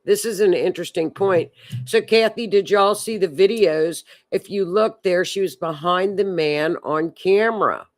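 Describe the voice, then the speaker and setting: A woman's voice: fairly low pitch, unhurried. A woman hosting a live stream, chatting in a rambling way and reading viewer comments aloud. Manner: chatty, rambling, repeats words. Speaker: livestream host.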